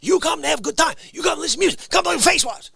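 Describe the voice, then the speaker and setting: A middle-aged man hosting a livestream, chatting and ranting comically to viewers, dropping to whispers and jumping to shouts. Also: very high voice, racing, creaky, no echo. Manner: excitable, swings from whispers to shouts; playful comic ranting to the chat. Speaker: livestream host. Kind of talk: animated livestream chat.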